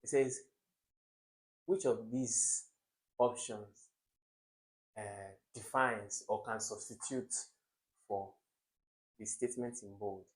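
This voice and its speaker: Lively man teaching an exam lesson. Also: on the low side, takes it slowly, long pauses, low-quality recording. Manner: lively, emphatic, quizzes viewers with rhetorical questions. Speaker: exam prep tutor. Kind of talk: classroom-style exam lesson.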